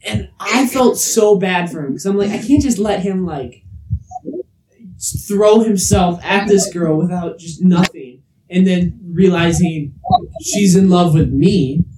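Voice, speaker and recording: A man's voice: sits high, slow pace, noisy background. A young man in casual podcast chat, animatedly telling a story and acting out the voices in it. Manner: animated, acts out quoted voices. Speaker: podcast co-host.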